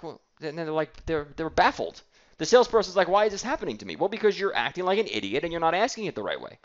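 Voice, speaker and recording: A blunt male sales trainer whose voice rises and falls a great deal as he acts out phone calls. He speaks a little higher than most men, and the recording sounds dull and lo-fi.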